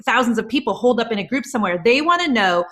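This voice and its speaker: A woman's voice: on the high side, animated, fairly bright tone. A woman being interviewed over a video call, an entrepreneur talking emphatically and piling up examples in casual chat. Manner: emphatic, rapid-fire talker who lists examples. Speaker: guest entrepreneur.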